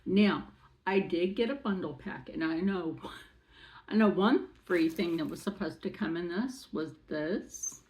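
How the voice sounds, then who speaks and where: A woman chatting through a makeup unboxing, excitable and rambling, with many asides. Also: fairly low pitch, unhurried, poor audio. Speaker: beauty vlogger. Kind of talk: casual unboxing chat.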